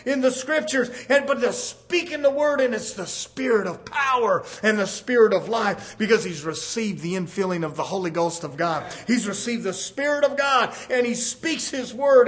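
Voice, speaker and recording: A fervent preacher man delivers a sermon in a strikingly high voice. He keeps addressing the congregation as brothers and sisters and pushes his points up into shouts.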